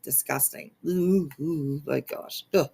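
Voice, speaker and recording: Slow-talking woman streamer, swearing. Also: low-pitched, creaky, mellow, husky. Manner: laughs often, swears freely, talks slowly. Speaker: streamer host. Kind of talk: casual live-stream commentary.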